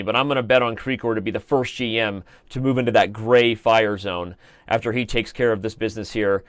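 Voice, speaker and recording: A man hosting a live online chess show, commenting on games in a chatty, joking way and reading out viewer shout-outs. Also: medium pitch, no room sound. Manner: chatty and joking, with playful asides.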